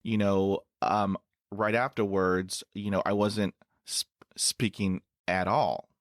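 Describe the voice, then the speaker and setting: A middle-aged man hosting a podcast interview, speaking slowly with stutter blocks and repeated sounds. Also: on the low side, little pitch movement, no room sound, studio quality. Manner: slow, halting speech with stutter blocks. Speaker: podcast host.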